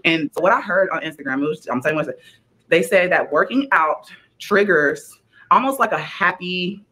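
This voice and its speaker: Woman vlogger, rapid chatty rambling, low voice. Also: lively intonation, bright, forceful tone, rough recording. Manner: rambling, chatty, addresses viewers as y'all. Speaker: content creator and mom. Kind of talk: casual rambling vlog talk.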